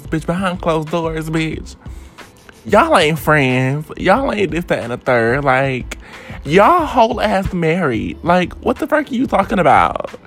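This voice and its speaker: A woman hosting her own vlog, ranting about celebrity gossip in a sassy, profane way and repeating her points for emphasis. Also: deep voice. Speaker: vlog host. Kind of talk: casual celebrity gossip rant.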